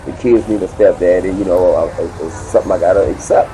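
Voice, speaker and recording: A man's voice: deep voice, steady tone, fast, mellow, slight background noise, poor audio. A man casually telling a personal story, rambling with lots of filler words and street slang. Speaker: channel host telling a prison story.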